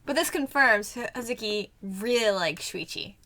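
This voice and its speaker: A woman's voice: a little high, animated, moderate pace, pushed and bright. A young woman chatting casually as she reacts to an anime episode, giggling often and trailing off into fillers. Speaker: anime reaction channel host.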